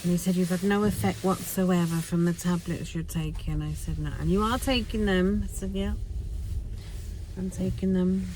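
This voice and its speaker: A woman's voice: on the low side, normal speed, warm tone, a little hiss or hum. A middle-aged woman from England chatting bluntly and self-mockingly while she drives. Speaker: vlogger. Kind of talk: casual chat while driving. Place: inside a car.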